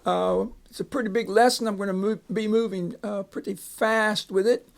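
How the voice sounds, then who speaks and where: A man's voice: high-pitched, steady tone, normal speed, creaky. A man teaching a phonics lesson, patiently sounding out words and repeating each one. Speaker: reading teacher.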